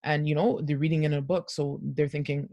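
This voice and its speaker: A woman's voice: low-pitched, fairly even intonation, brisk, warm tone, dry recording. Earnest mother on a panel. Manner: earnest, heartfelt. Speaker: parent panelist. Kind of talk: panel discussion.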